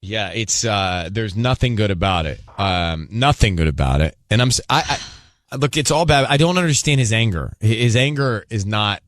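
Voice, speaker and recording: A man's voice: lowish voice, expressive, moderate pace, a bit bright, no room sound. A man hosting a radio call-in segment, pressing a caller with incredulous questions. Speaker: radio host.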